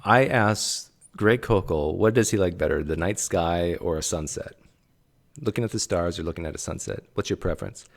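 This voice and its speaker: Man, low-pitched voice going hoarse, casual commentator, frequent throat-clearing, wry. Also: moderate pace. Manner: clears throat often, sarcastic asides. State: voice straining. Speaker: channel host critiquing a recorded conversation.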